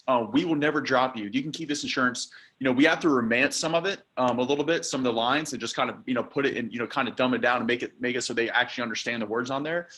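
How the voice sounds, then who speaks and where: A man's voice: medium pitch, very fast, hardly any pauses, fairly bright tone. Casual man coaching a sales team. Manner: casual, filler-heavy, emphatic coaching. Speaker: sales trainer. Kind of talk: recorded training call.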